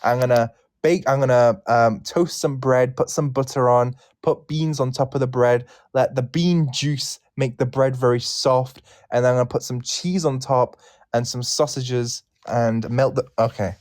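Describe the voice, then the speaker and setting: A British man hosting a casual online chat, playful and quick to laugh. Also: medium pitch, no room sound, clean studio sound. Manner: animated, laughs often, playful. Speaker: host.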